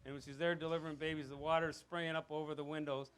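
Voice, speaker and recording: A man giving a rambling father-of-the-bride wedding speech, telling anecdotes with chuckles and getting loud and animated. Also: a little high, quick pace, clean tone. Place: wedding reception.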